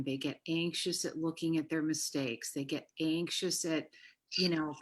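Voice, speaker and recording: A woman talks on a podcast with a bright, clear voice. She tells stories in an animated, lightly swearing way, like a therapist chatting casually. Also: low voice.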